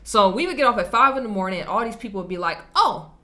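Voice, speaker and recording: A woman hosting a reaction video, chatting casually and telling a story in an animated, slangy, emphatic way. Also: mid-range voice, rapid-fire.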